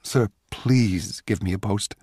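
An older man voicing a giddy, impish young male composer in a dramatic audiobook reading, pleading and excitable. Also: slow pace, breathy edge, dry recording, studio quality. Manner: pleading, playful, high and excitable.

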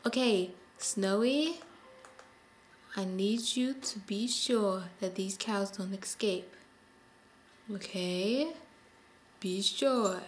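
Slow-talking woman narrating her game. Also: medium pitch, slight background noise. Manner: chatty, sighs often, talks to her game animals. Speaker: gameplay video host. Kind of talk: casual gameplay commentary.

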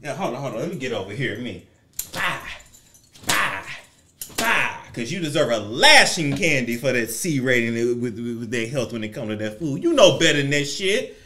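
A man giving a sassy, profane, theatrical commentary rant, swinging his pitch and volume around. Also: very animated, normal speed, bright, forceful tone, a little hiss or hum. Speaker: commentary vlogger.

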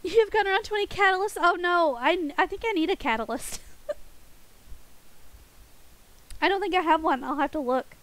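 A woman's voice: extremely high pitch, a little fast, fairly bright tone, poor audio. A woman streaming a game and chatting playfully with her viewers, giggling often. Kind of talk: casual game stream chat with chat.

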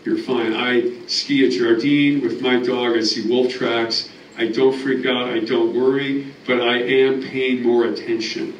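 A wolf biologist speaking plainly at a public meeting, answering questions in a loose, halting way with many fillers. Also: male voice, mid-range voice, steady tone, lo-fi sound. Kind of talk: public talk and Q&A. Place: meeting room. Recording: echoey hall from far off, faint noise.

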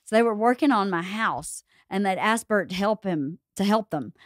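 A middle-aged woman with a Southern US accent, hosting a podcast and telling stories in casual chat, lively and quick to laugh. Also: mid-range voice, no echo, studio quality. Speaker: podcast host.

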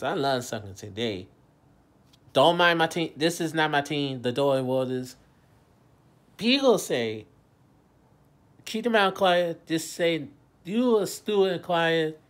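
Rambling young man, loud then mumbling. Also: mid-range voice. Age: late 20s. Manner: repetitive, loose, swings between loud and mumbled. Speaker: vlogger. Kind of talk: rambling casual monologue.

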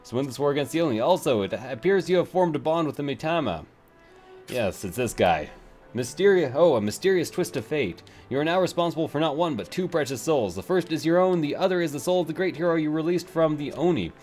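A man's voice: on the high side, lively intonation, brisk, a little mellow, faint music behind, voice pushed up, close to an everyday voice. A man reading aloud the lines of a stern male village captain in a game, with formal, dutiful delivery. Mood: instructive.

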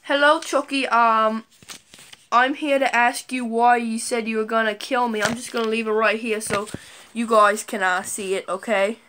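A woman's voice: a little high, fairly even intonation, moderate pace, fairly bright tone, slight background noise. A woman vlogger in a staged prank video, talking melodramatically with lots of exclamations and fillers. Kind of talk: scripted prank vlog.

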